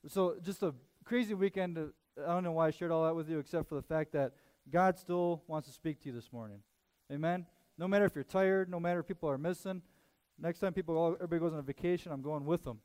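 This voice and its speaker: A man in his thirties preaches through a long, self-deprecating anecdote. He jumps between quick asides and jokes at his own expense. His speaking voice sits a little higher than most men's. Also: a little mellow. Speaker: pastor. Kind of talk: storytelling sermon.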